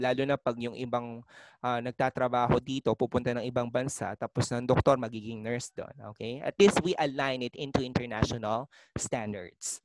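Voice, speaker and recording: A man's voice: medium pitch, a little hiss or hum, poor audio. A man with a Filipino accent, a college teacher lecturing a class and often checking in with "okay?". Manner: explanatory, frequent "okay?" checks with students.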